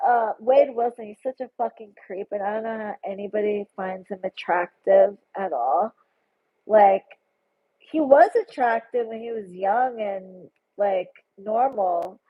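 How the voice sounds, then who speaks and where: A woman's voice: medium pitch, unhurried. A woman hosting a casual livestream, chatty and effusive as she reads out viewer comments. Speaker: tarot livestream host. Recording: phone-like narrow sound.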